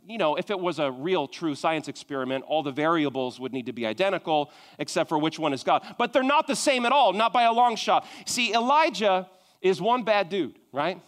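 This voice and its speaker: A man preaching a sermon, retelling a scripture story with conversational asides, dropping to hushed intimate moments and rising to emphatic calls. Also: high voice, lively intonation, normal speed.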